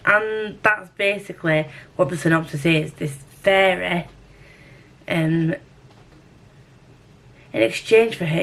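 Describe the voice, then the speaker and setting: A woman talking casually to camera at home about a book she is reading, rambling and self-deprecating with lots of fillers. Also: on the low side. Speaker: book vlogger.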